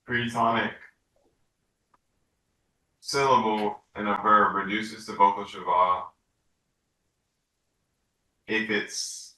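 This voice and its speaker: A man asking a question in class, halting and searching for words. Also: lowish voice, sharp tone. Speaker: student. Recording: echoey classroom from far off.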